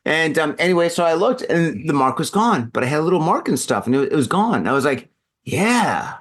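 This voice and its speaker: Man, drunk, casual storytelling, lively pitch swings, acts out yelps. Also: fast. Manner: animated, acts out his own yelps and voices. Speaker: podcast host. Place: home room in Japan.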